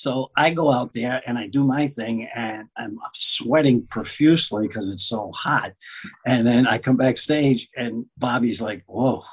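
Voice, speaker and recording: Husky-voiced man telling stories over a phone-thin line. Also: mid-range voice, unhurried. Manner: chatty anecdotal storyteller, repeats phrases. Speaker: guest comedian. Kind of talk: casual storytelling. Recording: phone-like narrow audio.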